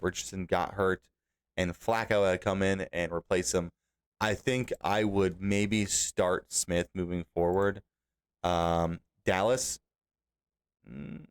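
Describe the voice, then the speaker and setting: Animated, exasperated young man. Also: low-pitched. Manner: animated, exasperated scolding of team managers. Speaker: podcast host. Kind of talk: solo fantasy football recap.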